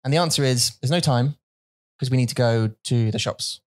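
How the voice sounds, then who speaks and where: A man's voice: mid-range voice, moderate pace. A man co-hosting a language podcast, chatting casually as a learner, often hesitating and repeating words while he works through a question. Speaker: podcast co-host and Mandarin learner. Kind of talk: casual chat.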